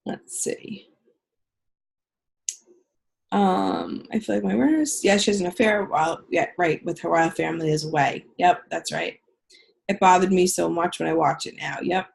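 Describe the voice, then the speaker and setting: Gravelly-voiced woman coaching someone over a video call, blunt and direct. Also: on the low side, big pitch swings, normal speed, pauses often. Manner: direct, frank, swears casually. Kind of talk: coaching session on a group call.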